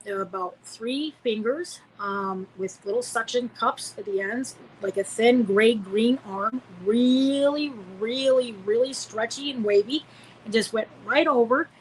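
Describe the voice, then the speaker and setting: A woman in her forties from Illinois, United States, is a podcast guest telling a personal story in a rambling way, full of fillers and restarts. Her fairly high voice moves at a measured pace, and the rough recording has a little hiss or hum.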